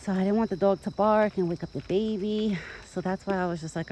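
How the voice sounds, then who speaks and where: A woman's voice: medium pitch, fairly even intonation, brisk, few pauses, warm tone, slight background noise, low-quality recording. A young woman chatting casually to her phone camera outdoors in a rural yard while she feeds a deer, rambling and talking fondly to the animal. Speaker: vlogger feeding a backyard deer. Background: insects and countryside ambience.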